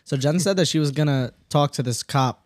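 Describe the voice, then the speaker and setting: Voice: mid-range voice, a little fast, no room sound. A podcast co-host chatting casually and wryly, joking at their own expense. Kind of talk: casual chat.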